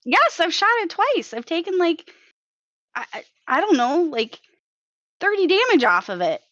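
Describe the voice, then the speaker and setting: A woman's voice: extremely high pitch, big pitch swings, moderate pace, a bit bright, no echo, dull audio. A woman in a tabletop game session, talking hesitantly and stammering in casual chat.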